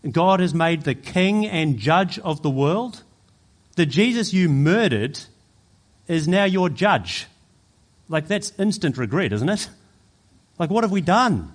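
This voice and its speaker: A man preaching a sermon as pastor, emphatic and building to forceful peaks. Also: medium pitch.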